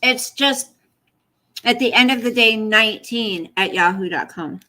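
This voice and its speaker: A woman's voice: a little high, unhurried, sharp tone. Chatty woman livestreaming at home. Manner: chatty, apologetic, coos at her pet. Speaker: livestream host. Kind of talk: casual livestream chat. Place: home, at night.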